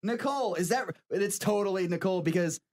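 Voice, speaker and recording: A man with a faint Southern accent chatting on live radio, excitable, laughing and swearing as he gives things away. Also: high voice, a little fast. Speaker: band member guest. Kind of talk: casual live radio chat.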